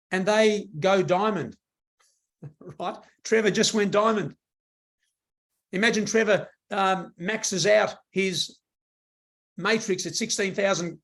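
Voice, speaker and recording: A man giving an enthusiastic motivational sales pitch to a live audience, repeating himself for emphasis. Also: fairly bright tone. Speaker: presenter at a business meeting.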